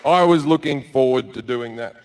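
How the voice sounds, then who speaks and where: A man's voice: mid-range voice, normal speed, background noise. A man doing stand-up storytelling in a large theatre, brash and profane, slipping into acted-out voices. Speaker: stand-up comedian. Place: large theatre with a live audience.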